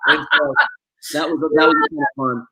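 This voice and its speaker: A middle-aged male actor with a Scottish accent, telling lively anecdotes in an interview and acting out the voices in his stories. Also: fairly high pitch, normal speed, vocal fry. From Scotland. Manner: animated storyteller, acts out voices in quotes. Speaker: actor guest.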